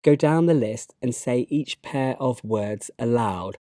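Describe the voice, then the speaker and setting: A man with a British English accent, narrating a slide lesson and giving learners instructions in a measured, instructive way. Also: mid-range voice, warm tone, dry recording, studio quality. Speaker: English teacher.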